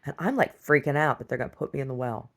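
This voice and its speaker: Middle-aged woman, video diarist, low gravelly voice, rambling storyteller who laughs a lot. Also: expressive, fast, a bit bright. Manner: laughs often, acts out quoted voices, many restarts. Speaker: video diary vlogger.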